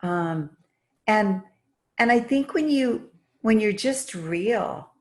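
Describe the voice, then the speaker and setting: A woman's voice: mid-range voice, expressive, slow. A woman guest on a podcast, telling her stories with enthusiasm in a casual, run-on way. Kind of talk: casual interview storytelling.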